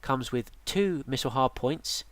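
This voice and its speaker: Unhurried and mid-range in pitch, this man's voice comes through with no room sound. He's a game guide presenter, tired and yawning, explaining the game's units in casual tutorial narration. His manner is relaxed and rambling, with many ums and restarts.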